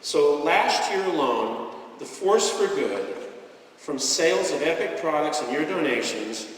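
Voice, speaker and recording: A man giving a heartfelt, inspirational speech to a convention audience, mixing sincerity with gentle jokes. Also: on the high side, sing-song, a little slow. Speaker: guest speaker at a business convention. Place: large convention hall, indoors. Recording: echoey hall, voice picked up from far off.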